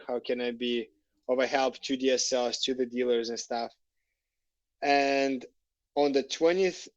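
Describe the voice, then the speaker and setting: A man telling a long personal story as a podcast guest, lively and animated, acting out the conversations he recounts. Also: medium pitch, no room sound, highs cut off.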